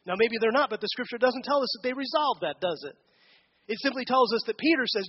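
A man's voice: extremely high pitch, fast talker, muffled recording. A man giving a conversational sermon as a pastor, asking the congregation questions during a church service.

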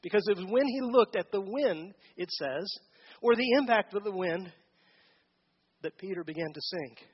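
A man's voice: high-pitched, animated, normal speed, breathy edge, dull audio. A man giving a conversational sermon as a pastor, asking the congregation questions during a church service.

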